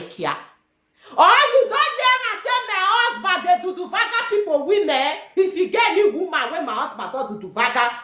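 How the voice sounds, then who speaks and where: A woman with a Nigerian Pidgin accent, high-pitched with a wildly swinging voice. She scolds and rants with heat, and her voice rises to shouts. The sound is echoey, as if from a bare room. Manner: animated, scolding, shouting at times. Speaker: guest telling her story. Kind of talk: heated live-stream talk.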